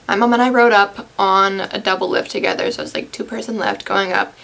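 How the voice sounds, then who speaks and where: A woman's voice: medium pitch, steady tone, fairly quick, vocal fry, background noise. A young woman vlogging, telling a story to camera in a sarcastic, self-deprecating and chatty way, full of "like". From United States.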